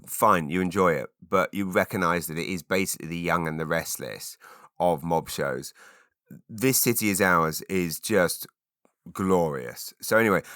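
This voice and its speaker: Guy in his 40s, low sharp voice, rambly solo chat w loud bursts, dry close sound. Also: no room sound. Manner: rambling and animated, with sudden loud exclaimed bursts. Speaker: podcast host. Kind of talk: solo chat answering listener questions.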